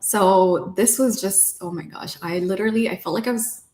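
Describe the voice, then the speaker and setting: A young woman from Canada, a guest telling her life story in a lively way, acting out herself and her parents as she goes. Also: mid-range voice, normal speed, reverberant. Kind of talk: personal storytelling.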